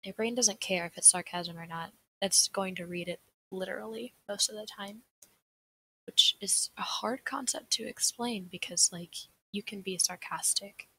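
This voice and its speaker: Young Southern American woman, bright and a little husky, casual rambling livestream presenter who laughs often. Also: medium pitch, moderate pace, rough recording. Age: young adult. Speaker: seminar presenter. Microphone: desk mic on a livestream.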